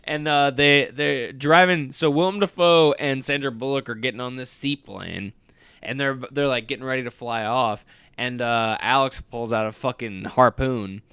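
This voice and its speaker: A man's voice: mid-range voice, moderate pace, clear, resonant tone, no room sound. A man co-hosting a podcast, animatedly recapping a movie, acting out the lines and laughing often. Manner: animated storyteller, acts out quotes, laughs often. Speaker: podcast co-host. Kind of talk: casual movie-recap chat.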